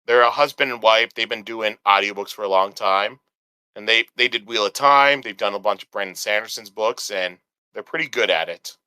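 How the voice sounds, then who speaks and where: A man's voice: fairly low pitch, moderate pace, pushed and bright, clear, resonant tone, no room sound, low-quality recording. A man co-hosting a podcast in casual chat, explaining things in a rambling way with restarts. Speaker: podcast co-host.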